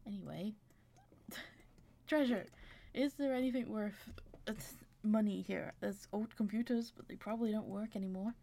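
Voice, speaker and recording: A woman's voice: mid-range voice, moderate pace, creaky, mellow, slight background noise. A woman giving casual let's-play commentary, chatty and giggly, talking to her characters as she plays. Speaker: gaming channel creator.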